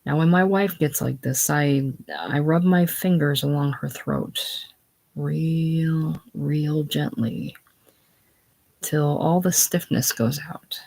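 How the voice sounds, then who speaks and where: A drunken, domineering prison warden, gruff and then purring, spoken at a slow pace, as a casual reader does his lines. The voice stays near the reader's own everyday voice. The lines come from a play read at home. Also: medium pitch, darkish tone.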